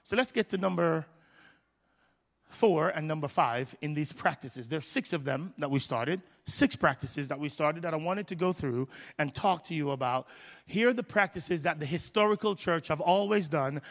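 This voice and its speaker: A man's voice: a little high, normal speed, a bit bright. A man preaching a sermon from a church stage, in an impassioned, conversational way with repetitions. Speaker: pastor. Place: large church hall. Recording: live sermon in a reverberant hall.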